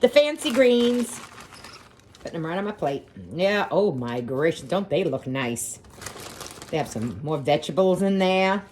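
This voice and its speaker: Her fairly low, sing-song voice is a little slow and a little mellow as this vlogger rants sarcastically to her viewers like friends. The phone vlog goes from car and grocery store to her home kitchen, with a little hiss or hum.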